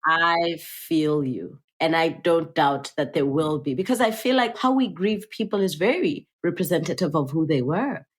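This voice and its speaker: Podcast host, woman, low husky voice, gentle and supportive questioning. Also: lively intonation, moderate pace, few pauses. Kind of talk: empathetic interview.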